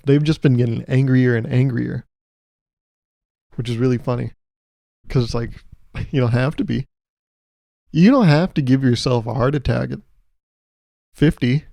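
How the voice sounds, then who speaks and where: On his own podcast, a man rants solo in a sarcastic, profane, joking way and keeps laughing at his own lines. His mid-range voice is creaky and warm, and the recording is dry.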